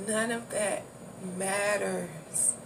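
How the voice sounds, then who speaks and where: A woman's voice: mid-range voice, drawn-out words. A woman giving a casual spiritual talk in a loose, repetitive way, swearing now and then. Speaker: spiritual vlogger. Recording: distant mic with clear background noise.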